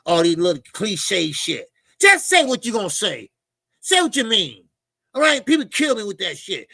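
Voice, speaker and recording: Male host with a high, raspy voice, emphatic slangy boxing rant, dry room. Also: big pitch swings, a little slow, bright, forceful tone, no echo. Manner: emphatic, repetitive, slangy, calls listeners "baby". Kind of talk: animated boxing commentary rant.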